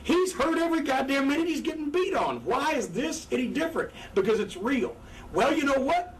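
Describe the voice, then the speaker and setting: Brief: older ex-wrestler guest, high and animated, cursing freely, heard from a distant mic with faint room noise. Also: male voice, fairly quick. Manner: profane, animated, acts out crowd and wrestler voices. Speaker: former pro wrestler, guest. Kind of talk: candid interview storytelling. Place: indoors, seated on a couch.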